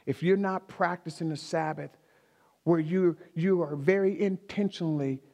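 A male pastor delivers a sermon to his congregation, driving his points home by repeating key phrases. His voice sits a little high for a man. The sound carries the long reverb of a large church hall. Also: normal speed, gravelly, warm tone.

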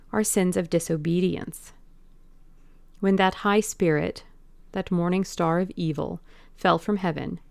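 A woman reading a classic novel aloud as an audiobook narrator, in a slow, deliberate, brooding manner. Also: fairly low pitch, vocal fry, a little mellow, dry recording.

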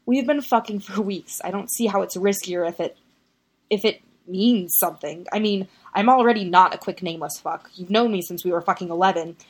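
A woman's voice: medium pitch, a little fast, slightly rough, lightly acted. A woman voicing a frustrated, pleading young man in an audiobook reading of a story. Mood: exasperated.

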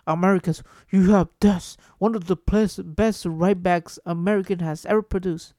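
A man's voice: sits high, fairly even intonation, normal speed, gravelly, dark tone, dry recording, studio quality. A man vlogging as a football fan, ranting with passion and exasperation, swearing freely and repeating himself for emphasis. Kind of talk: emotional fan rant to camera.

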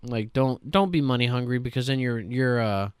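Man, podcast host, excitable rant, cursing, smooth clear voice, dry sound. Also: mid-range voice, moderate pace, dry recording. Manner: ranting, swears often, excitable. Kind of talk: casual gaming chat.

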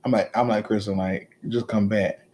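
A man in his thirties co-hosting a casual podcast chat, telling animated, teasing stories about his kids with plenty of profanity. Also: fairly low pitch, moderate pace. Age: 30s. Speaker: podcast co-host.

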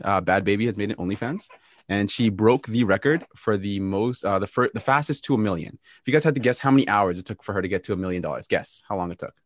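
Young male podcast host, fast, teasing, laughs a lot. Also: on the low side, no room sound. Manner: joking, teasing, quick to laugh. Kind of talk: casual podcast banter.

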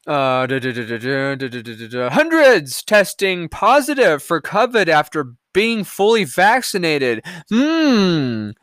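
A man hosting a solo podcast, reading headlines aloud and ranting about them in a profane, combative way, swinging between loud outbursts and low muttering. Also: very animated, measured pace, hardly any pauses, dry recording, studio quality. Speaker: podcast host.

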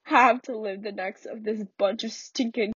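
A man's voice: high-pitched, steady tone, normal speed, a bit bright, husky, no echo, recorded from a distance. A woman reading the part of a bitter, defeated grown son who mocks his own ruin in sarcastic bursts, on a slightly muffled recording. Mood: bitter mocking.

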